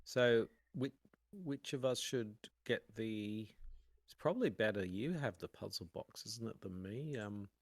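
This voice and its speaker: Slow-talking man thinking aloud. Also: lowish voice, lively intonation, no echo. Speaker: podcast co-host playing a card game. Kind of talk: casual game chat.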